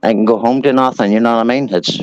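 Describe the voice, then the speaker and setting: This guest is an Irish man in his forties with an Irish accent who talks fast in a steady, mid-range voice. He rambles through stories in casual chat, letting the odd swear word slip. The audio is dry and dull.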